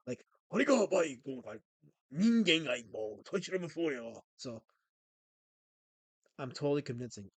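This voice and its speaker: A man's voice: fairly high pitch, no echo. A man with a scratchy throat, hosting a livestream and chatting, rambling and joking with viewers. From Pennsylvania. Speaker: livestream host. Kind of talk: casual livestream chat.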